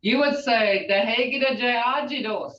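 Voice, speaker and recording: A woman's voice: a little high, moderate pace. An older woman teaching a language class, sounding words out syllable by syllable with chatty asides. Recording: echoey, distant, dull sound.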